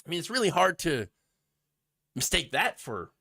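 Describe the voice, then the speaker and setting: A male commentary host with a mocking, sarcastic delivery. His voice is bright and fairly high. His pitch leaps around a lot. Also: big pitch swings, moderate pace, creaky. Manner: mocking, sarcastic, with asides and laughs. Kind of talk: sarcastic commentary over news clips.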